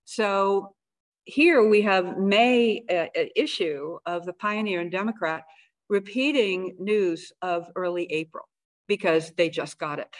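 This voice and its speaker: A woman speaker gives a public history lecture in a relaxed, conversational way. Her voice sits somewhat low, and she wanders into asides and fillers while walking listeners through old documents. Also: dry recording. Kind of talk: public history talk with slides. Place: lecture room of a historical society.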